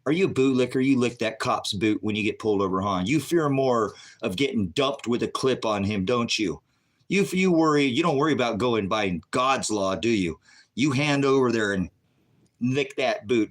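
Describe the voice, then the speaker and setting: A man preaching on his own channel, fervent and confrontational, firing off rhetorical questions and swinging between low mutters and loud outbursts. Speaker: online preacher and channel host. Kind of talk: impassioned livestream preaching.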